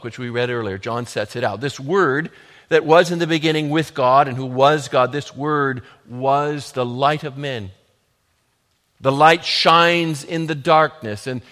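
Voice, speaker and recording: Emphatic male preacher in a reverberant hall. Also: on the high side. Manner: emphatic preaching, swinging from quiet to loud. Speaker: pastor. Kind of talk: sermon.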